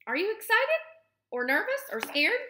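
A woman voicing a chatty, excitable squirrel with a bubbly, fast-talking manner. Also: extremely high pitch, a little hiss or hum, pitched above the performer's own voice, heavily acted. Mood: excited. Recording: roomy echo.

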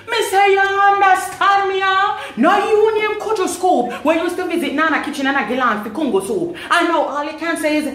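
A woman with a Jamaican accent giving a lively, performative recitation of a dialect poem, laughing between lines. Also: very high-pitched, normal speed, hardly any pauses, reverberant. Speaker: guest, designer. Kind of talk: dramatic dialect poetry recitation.

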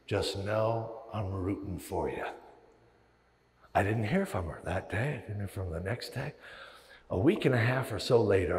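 A pastor delivering a sermon with a low voice that swings widely up and down as he tells stories. He acts out little inner voices between his points, and his words ring with the long echo of a large hall. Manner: animated storytelling with acted-out inner voices.

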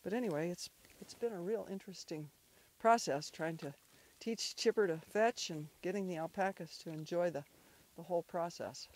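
A woman who owns alpacas and a dog, narrating a casual video in a relaxed, chatty way with small restarts. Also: fairly low pitch, moderate pace.

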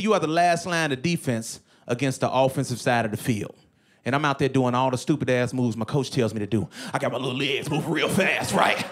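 A man doing stand-up comedy in an animated way, often breaking into shouts and laughter. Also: mid-range voice, brisk.

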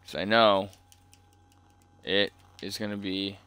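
A man's voice: lowish voice, fairly even intonation, slow pace, bright, forceful tone, smooth. A hungover man streaming a horror game live, muttering frustrated questions to himself as he plays. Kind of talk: live gameplay commentary.

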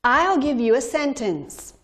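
A woman teaching grammar to learners, explaining slowly and deliberately, spelling out letters and repeating words. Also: high-pitched, sing-song. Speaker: English teacher. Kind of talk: slow, deliberate classroom explanation.

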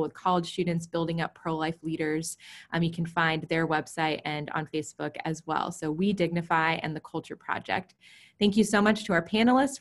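A woman moderating a panel, upbeat, thanking the panelists and closing the session with frequent filler sounds over a video call. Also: lowish voice. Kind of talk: closing remarks.

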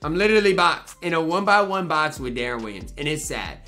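A man's voice: fairly high pitch, very animated, brisk, bright, forceful tone, soft background music. A young man commentating his own basketball video game match, ranting in frustration and talking to himself between plays. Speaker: gaming YouTuber. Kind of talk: live gameplay commentary.

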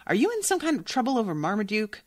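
A woman's voice: mid-range voice, very animated, fast talker, voice pushed up. A woman reading aloud as a blunt, no-nonsense young woman. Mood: severe. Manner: blunt and severe.

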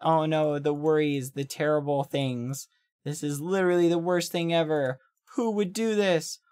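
A man's voice: a little high, steady tone, normal speed, a little mellow, clean tone, natural voice. A man mimicking a wailing, distraught young woman. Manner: melodramatic whining.

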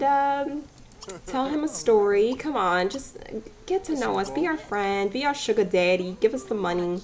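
A woman's voice: a little high, lively intonation, measured pace. A woman giving casual, playful commentary over a life-sim game. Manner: chatty, playful, voices the characters' chatter. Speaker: let's play gamer.

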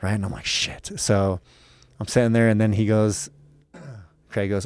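An American man, a professional fighter appearing as a guest, tells a profane, animated story in casual chat and acts out the people in it. His voice is on the low side, at normal speed, in a dry recording.

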